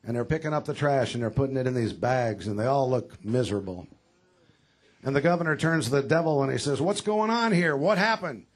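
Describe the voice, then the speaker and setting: A man giving a rally speech for governor, telling jokes in a dry, halting way with many fillers. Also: medium pitch, expressive, darkish tone. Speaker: candidate for governor speaking at a rally. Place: campaign rally before a crowd.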